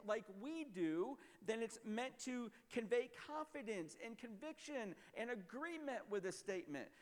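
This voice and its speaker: A man preaching a sermon as a pastor, emphatic and explanatory, often dropping to a low, quiet voice. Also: in a large hall.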